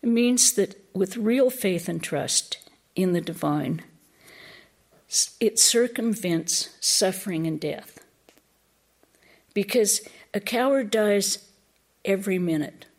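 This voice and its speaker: A woman's voice: medium pitch, lively intonation, takes it slowly, long pauses. A woman giving a reflective spiritual talk as a lecturer, thoughtful and searching for words as she goes.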